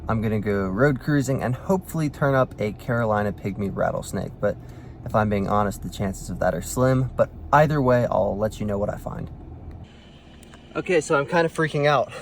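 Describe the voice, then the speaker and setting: A man's voice: on the low side, brisk, gravelly, a little hiss or hum. A man casually narrating as he finds snakes on a rural road at night, chatty and easygoing. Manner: easygoing, chatty, fond of the animals. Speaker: field herping vlogger.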